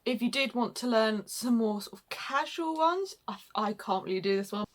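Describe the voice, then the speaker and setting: A woman's voice: on the high side, animated, normal speed. A woman from the UK co-hosting a casual Portuguese lesson, chatting loosely with lots of likes and ums. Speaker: co-host teaching Portuguese phrases.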